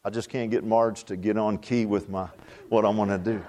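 A man's voice: lowish voice, level tone, moderate pace, a little mellow. A man preaching a sermon in a folksy, repetitive way, often tossing out rhetorical "huh?" asides to the congregation. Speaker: pastor.

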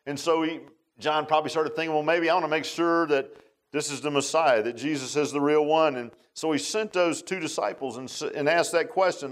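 A man's voice: fairly high pitch, fairly even intonation, fairly quick. A man teaching a Bible study class in a casual, folksy sermon style, often asking his listeners questions.

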